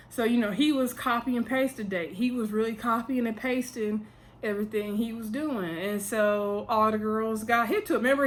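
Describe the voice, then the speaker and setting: A woman with a slightly high voice talks through a reality show in a casual vlog. She is chatty and emphatic and talks straight to her viewers. A faint hiss sits under her voice. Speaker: reality TV recap vlogger.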